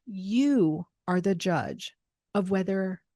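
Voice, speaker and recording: A woman hosting a self-help talk, giving steady, instructive advice and repeating phrases for emphasis. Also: mid-range voice, takes it slowly, dry recording. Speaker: host.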